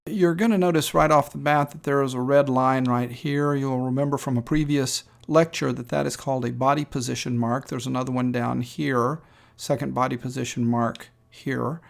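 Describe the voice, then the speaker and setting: A man teaching a screen-recorded lesson, explaining step by step in a measured way with frequent ums and uhs. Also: medium pitch, fairly even intonation, vocal fry. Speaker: instructor.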